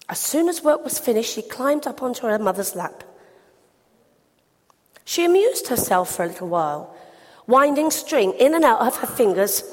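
A woman giving an animated, expressive children's talk in church. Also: on the high side, in a large hall.

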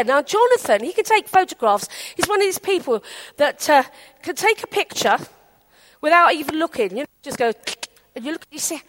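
A woman's voice: high voice, fairly quick, a little hiss or hum. A woman from England preaching a sermon in a chatty storytelling way, acting out the people in her anecdotes. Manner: chatty, animated, acts out quotes.

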